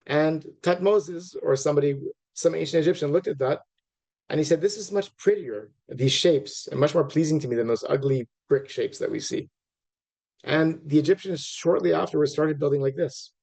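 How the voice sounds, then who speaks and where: A middle-aged man gives a relaxed, rambling lecture, often stopping to restart his sentences and turning to speak straight to his audience. His voice has a gravelly, creaky edge, and his pitch sits at an ordinary middle level for a man. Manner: conversational, many fillers and restarts, asides to audience. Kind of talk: informal lecture.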